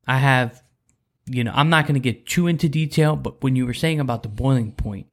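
A man's voice: medium pitch, a little fast. Earnest man telling a personal story. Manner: earnest, rambling with many restarts. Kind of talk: candid faith talk, personal story.

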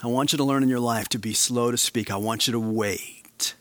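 Animated male pastor preaching a sermon. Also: mid-range voice, fairly quick, no echo. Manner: animated preaching, swings from quiet to emphatic.

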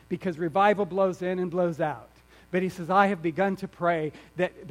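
A man with a high voice preaches a sermon, building to emphatic, nearly shouted lines and then dropping to quiet asides. He often repeats and restarts his words as he goes. A low mains hum sits under the recording. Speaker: pastor.

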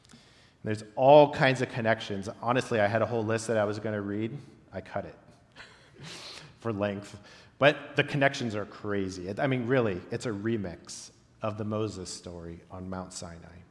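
A man preaching a reflective sermon, pausing often and letting his phrase endings fall soft. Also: on the low side. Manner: reflective, with long pauses and softly dropped phrase ends. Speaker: pastor. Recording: long reverb of a large hall.

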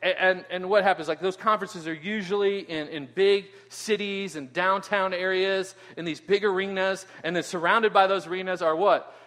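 A man preaching a sermon in an animated way, often asking "right?" and repeating words as he goes. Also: sits high, normal speed, few pauses. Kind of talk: expository sermon. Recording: long hall reverb.

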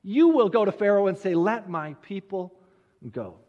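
A man acts out God, a solemn, all-knowing deity who speaks in slow, declaring promises. The voice sits very high for a man and rings out with a long hall reverb. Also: animated, lo-fi sound. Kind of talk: sermon storytelling.

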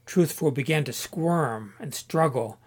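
A man reading a story aloud in a steady, measured narration. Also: fairly high pitch. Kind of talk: scripted audiobook narration.

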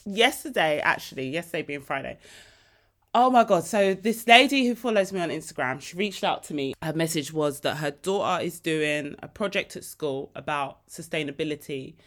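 A woman hosting her own podcast, telling stories in a lively, emotional way and laughing easily. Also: low-pitched, normal speed. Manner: animated storytelling, laughs and gets emotional easily. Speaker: podcast host. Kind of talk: casual solo podcast chat.

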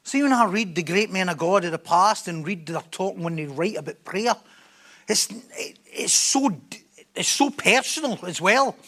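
A man with a notably high voice delivers a sermon. He speaks with emphasis and drives his points home by repeating phrases. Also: expressive, moderate pace, bright, forceful tone. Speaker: preacher.

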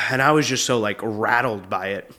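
A man's voice: fairly low pitch, normal speed, sharp tone. Laughing young male comedian telling stories. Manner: casual, slangy, says "dude" often. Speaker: comedian and show host. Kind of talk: comedic storytelling monologue.

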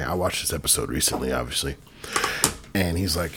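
A man's voice: extremely low pitch, fairly quick, fairly bright tone, slight background noise. A man talking in a loose, rambling, profane casual monologue. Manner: rambling, profane, laid-back. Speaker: vlogger.

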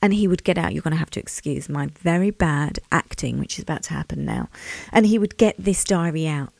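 A woman's voice: sits low, animated, fairly quick, gravelly, a little mellow, no room sound. Chatty woman, dry close sound. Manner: chatty and reflective, speaks directly to listeners. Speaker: podcast host. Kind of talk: casual storytelling monologue.

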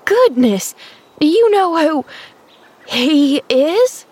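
A woman's voice: high-pitched, sing-song, drawn-out words, darkish tone, voice pushed up, full character voice. A woman reading an audiobook, voicing a plain-spoken, gossipy country housemaid who exclaims readily.

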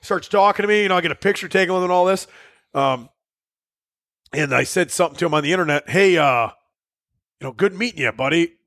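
A man's voice: high-pitched, fast, long pauses, fairly bright tone, no room sound, studio quality. A man on a podcast telling rowdy stories in casual chat, laughing often and swearing freely. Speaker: podcast co-host.

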